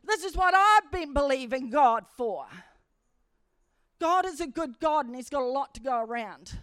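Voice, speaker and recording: A woman preacher giving a church sermon, telling stories animatedly and building to emphatic high points. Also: animated, normal speed, a bit bright, no room sound. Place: church service.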